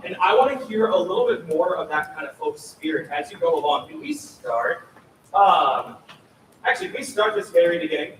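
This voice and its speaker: A man with a fairly high, very animated voice leads a school choir rehearsal, calling out counts and modeling each phrase himself. He is picked up from across a big, booming hall, with a faint hum of ambience underneath. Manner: energetic, demonstrates phrases by speaking and singing them. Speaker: choir clinician. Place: large echoey rehearsal room. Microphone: far room recording. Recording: echoey hall recorded from far off.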